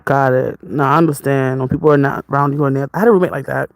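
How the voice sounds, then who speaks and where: A woman's voice: rumbling low, steady tone, quick pace, no room sound, rough recording. A woman vlogger in casual, rambling chat with her viewers, jumping from topic to topic. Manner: jumps from topic to topic, chatty, laughs often.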